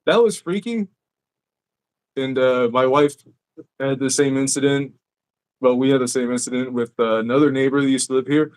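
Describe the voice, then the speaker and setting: A man's voice: mid-range voice, moderate pace, long pauses, clean tone. A man hosting a podcast, telling stories in a casual, profane way. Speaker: podcast host. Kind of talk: casual chat.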